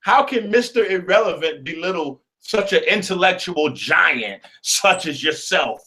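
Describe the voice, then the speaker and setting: Bright, teasing man on a stream. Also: high voice, lively intonation, measured pace. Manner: teasing, emphatic. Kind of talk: casual livestream talk.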